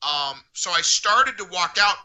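A man co-hosting a podcast, telling a story with excitement and acting out quoted speech. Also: sits high, a little slow. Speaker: podcast co-host. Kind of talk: animated storytelling.

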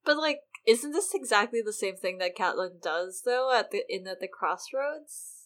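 A woman co-hosting a casual book discussion podcast, expressive and peppering her talk with "like" and "you know". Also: medium pitch, normal speed. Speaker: podcast co-host.

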